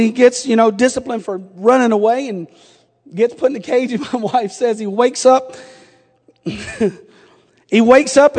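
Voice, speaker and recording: A middle-aged man preaching a sermon, moving between quiet storytelling and shouted exhortation. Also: very high-pitched. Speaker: pastor. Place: church sanctuary. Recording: long church reverb.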